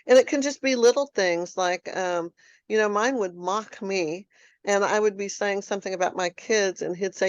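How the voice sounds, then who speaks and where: Woman host sharing personal stories in a candid, animated way, over a dull, dry, lo-fi line. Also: mid-range voice, moderate pace, no room sound. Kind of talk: conversational interview.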